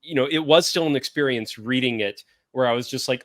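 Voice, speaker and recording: A man's voice: mid-range voice, fairly quick, hardly any pauses, a bit bright, dry recording, clean studio sound. A man hosting a casual podcast chat, talking in a rambling way and searching for words with many fillers. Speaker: podcast host pairing wines.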